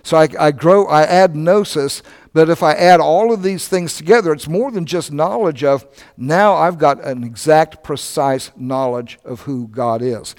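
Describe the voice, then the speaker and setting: An older man preaching a sermon, telling stories in a conversational, animated way. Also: fairly high pitch, measured pace, big-room sound. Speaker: pastor.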